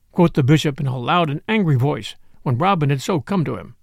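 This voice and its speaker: A man narrating an old-fashioned tale in an expressive storybook style. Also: a little high, brisk, creaky, dry recording, clean studio sound.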